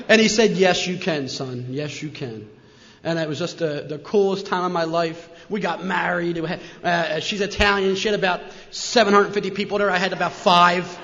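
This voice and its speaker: Middle-aged New Jersey man, high-pitched and animated, on a muffled hall recording. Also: normal speed. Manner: animated, says "man" constantly, repeats "and". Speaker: speaker sharing his recovery story. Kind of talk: personal story talk to an audience. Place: large meeting hall with an audience.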